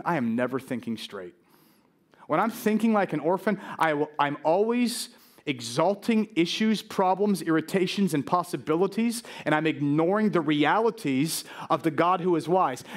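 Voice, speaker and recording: A middle-aged male pastor preaching a sermon, lively and animated, acting out quoted worries with frequent stammering restarts. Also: sits high.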